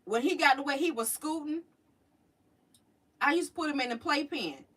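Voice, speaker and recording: A middle-aged woman, chatting and telling stories to her live chat, animated and drawling. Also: sits high, moderate pace. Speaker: livestream host. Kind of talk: casual storytelling to a live chat. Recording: voice a little distant from the mic.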